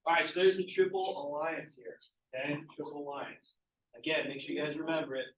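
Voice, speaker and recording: A man's voice: on the high side, fairly quick, fairly bright tone. A male teacher giving a casual history lecture to a class, asking students questions as he goes. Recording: echoey, distant, muffled classroom recording.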